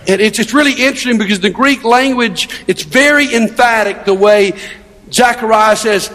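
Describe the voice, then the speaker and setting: A man's voice: very high voice, moderate pace, sharp tone. A middle-aged male pastor preaching a sermon in a conversational, storytelling way, with rhetorical questions. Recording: long hall reverb.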